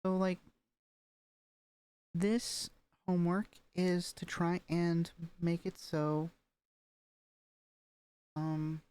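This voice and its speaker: A woman's voice: on the low side, level tone, very slow, pauses often, dark tone, clear, resonant tone, dry recording. A woman working through voice training homework, talking casually with lots of fillers and repeating practice sentences with rising and falling intonation. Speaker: voice training student. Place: home room, streaming as a vtuber. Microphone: webcam microphone.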